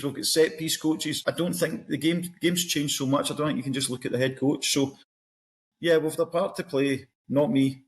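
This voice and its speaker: A middle-aged Scottish man, a podcast guest, chatting casually and telling animated stories. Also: on the high side. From Scotland. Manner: storytelling, animated anecdotes. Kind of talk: casual chat.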